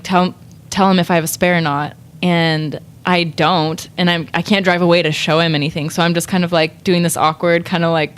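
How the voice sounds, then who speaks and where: A woman's voice: lowish voice, clean tone. Young woman telling a rambling story. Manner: rambling storyteller, heavy "like", frequent laughs. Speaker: guest artist. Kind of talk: casual podcast chat.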